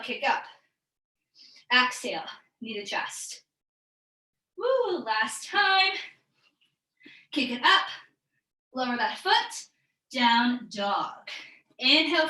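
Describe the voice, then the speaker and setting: A woman's voice: fairly high pitch, sharp tone, roomy sound, rough recording. A woman teaching a live online yoga class, calling out breaths and poses in an upbeat, encouraging way, a bit out of breath. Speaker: yoga instructor.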